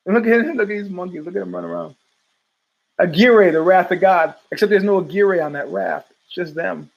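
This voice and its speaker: Animated high-pitched male podcast host. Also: fairly quick, gravelly, rough recording. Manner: animated storytelling with voiced quotes and laughs. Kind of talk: rambling casual monologue.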